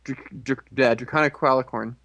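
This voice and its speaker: A young man co-hosting a casual comedy podcast, answering with dry, quick-witted remarks. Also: mid-range voice, steady tone, vocal fry, a bit bright, dry recording. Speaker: podcast co-host.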